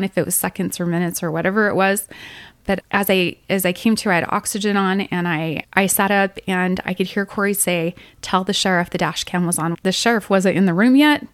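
A woman's voice: mid-range voice, no echo. A middle-aged woman, a podcast co-host, telling a painful personal story in earnest detail. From Utah. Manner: earnest, emotional retelling with quoted dialogue.

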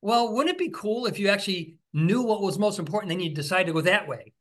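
A man's voice: sits high, expressive, fast talker, fairly bright tone. A man, an author being interviewed, talking enthusiastically and telling stories, often restarting his sentences. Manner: enthusiastic, storytelling, frequent restarts. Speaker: author and podcast host, interview guest. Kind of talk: conversational interview.

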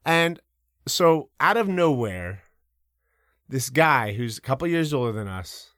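A man telling personal stories as a guest in a casual interview. He talks in an animated way, with a lot of fillers and some casual swearing. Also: medium pitch, takes it slowly, no echo, studio quality. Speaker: podcast guest. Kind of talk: casual storytelling.

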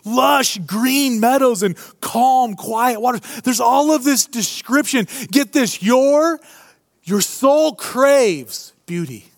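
A male pastor preaches to a congregation in a lively, joking and conversational way. His voice sits high for a man, and his pitch rises and falls freely. The sound is close and dry. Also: takes it slowly, dry recording. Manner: animated, humorous, conversational preaching. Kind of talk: sermon. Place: church before a live congregation.

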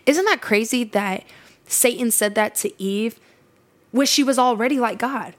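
A woman's voice: fairly high pitch, unhurried. A woman hosting a faith podcast in a casual, earnest, emphatic way, often restarting her sentences. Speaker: podcast host.

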